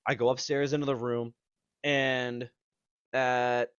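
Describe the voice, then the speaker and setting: A young man co-hosting a podcast, spinning a long, rambling story full of swearing and acted-out lines. His voice sits at an ordinary middle pitch and comes through slightly dull and dry, with no room sound. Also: flat delivery, takes it slowly, clear, resonant tone, no room sound. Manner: rambling, profane, acts out quotes. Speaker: podcast co-host. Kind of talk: casual storytelling chat.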